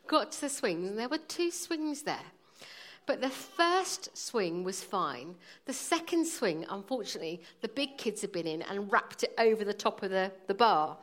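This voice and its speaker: A woman in her forties preaching, telling a personal story in a lively, humorous way. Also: mid-range voice, normal speed.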